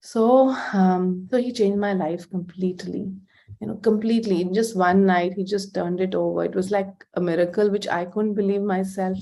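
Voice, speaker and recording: A woman's voice: medium pitch, steady tone, normal speed, mellow. A middle-aged woman from India giving a heartfelt personal testimony, hesitant and full of fillers. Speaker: devotee giving a talk.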